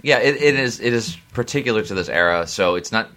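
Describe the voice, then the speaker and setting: A man's voice: lowish voice, expressive, brisk, bright, forceful tone. A man co-hosting a casual podcast discussion who agrees readily, laughs easily and describes scenes in detail. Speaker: podcast co-host.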